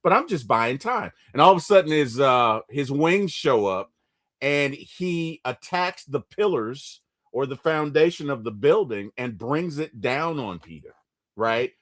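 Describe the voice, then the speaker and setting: A man hosting a casual movie recap chat, retelling scenes with lively bursts and quick impressions. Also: mid-range voice. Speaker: movie review podcast host.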